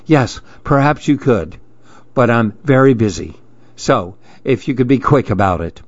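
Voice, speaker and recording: A man voicing a fussy, busy male pigeon in a storybook reading, talking in brisk, impatient huffs. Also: mid-range voice, expressive, no room sound, lo-fi sound. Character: fussy, huffy male pigeon, always rushing. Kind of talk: storybook read-aloud.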